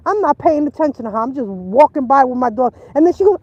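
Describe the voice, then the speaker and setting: A woman chatting on a casual livestream outdoors by a river, talking in an animated, emphatic way and repeating herself for stress. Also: high-pitched, fast, few pauses, dry recording, muffled recording.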